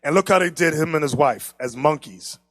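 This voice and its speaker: A man teaching a class from pictures, animated and teasing, who laughs often and talks straight to the room. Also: on the high side, brisk, dry recording, studio quality. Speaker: class instructor. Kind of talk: lively classroom lecture with pictures.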